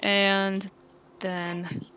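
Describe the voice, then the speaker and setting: A woman narrating as game master for a tabletop game, describing a monster in halting, self-correcting bursts full of fillers. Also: mid-range voice, little pitch movement, sharp tone, muffled recording, a little hiss or hum.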